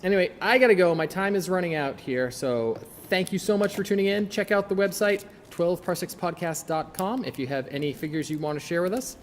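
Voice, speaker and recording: A man's voice: high-pitched, a little fast, few pauses, long reverb tail, slight background noise. A man hosting his own podcast, chatting casually and enthusiastically as he unboxes toys. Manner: chatty, enthusiastic, self-deprecating. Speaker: podcast host.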